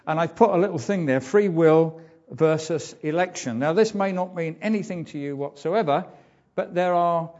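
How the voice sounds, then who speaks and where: A man's voice: on the high side, moderate pace, darkish tone. Hesitant male preacher, muffled recording. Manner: hesitant, frequent ums and uhs; conversational, informal asides. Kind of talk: sermon.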